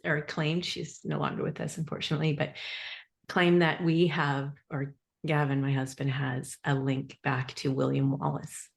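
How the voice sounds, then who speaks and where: Canadian woman host, low voice, bubbly, playful, effusive. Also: gravelly. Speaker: podcast host. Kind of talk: casual interview chat.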